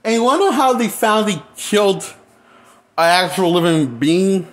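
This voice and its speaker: A man giving a casual movie review, incredulous and animated, often repeating himself and laughing nervously. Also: sits high. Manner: repeats himself, halting restarts. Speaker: movie critic.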